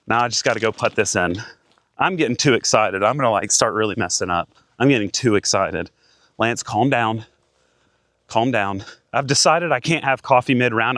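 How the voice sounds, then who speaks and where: A man in his thirties giving casual play-by-play of his own golf round outdoors, getting excited and talking to himself between shots. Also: mid-range voice, no room sound, clean studio sound. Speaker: golf vlogger.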